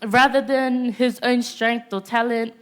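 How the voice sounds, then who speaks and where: In a high voice that is steady, smooth, and a bit bright, a teenage girl preaches to a youth congregation. Each short, declared point of her sermon is usually followed by a pause and a call-and-response "Amen?"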